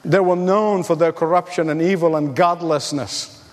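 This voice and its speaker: A man delivers a sermon from the pulpit, and his voice sits high for a man. The hall gives it a long, ringing tail of reverb. He presses hard on repeated calls and lands each point with emphasis. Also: fairly even intonation, normal speed. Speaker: pastor.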